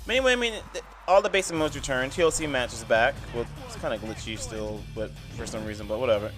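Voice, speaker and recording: A man rambles through a casual voice-over review of an old video game. His voice sits at an ordinary middle pitch, and faint game music plays underneath. He is blunt and opinionated, filling his talk with "I mean" and "like". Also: fast talker, fairly bright tone.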